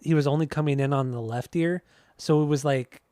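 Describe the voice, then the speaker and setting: A man co-hosting a music podcast in casual chat, relaxed and enthusiastic as he talks through the music. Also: fairly high pitch, fairly quick, dry recording, clean studio sound. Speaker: podcast co-host.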